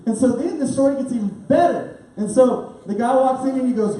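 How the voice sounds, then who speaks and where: A young man telling a story in a youth sermon, animated and laughing, full of "like" fillers. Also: extremely high pitch, fairly quick, hardly any pauses. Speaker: youth pastor. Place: church youth room. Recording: very echoey room, speaker far off.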